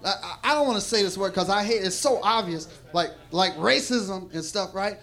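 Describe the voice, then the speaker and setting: A man's voice: sits high, lively intonation, brisk, few pauses, a bit bright. A man doing a rambling, profane stand-up set on a club stage, laughing often and restarting his sentences. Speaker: stand-up comedian. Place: club stage before a live audience. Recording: live club recording with crowd noise. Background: audience noise.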